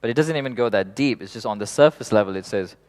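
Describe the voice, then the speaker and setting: A man leading a workshop in an unhurried, reflective way, laughing softly now and then and swearing casually. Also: medium pitch. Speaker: workshop facilitator.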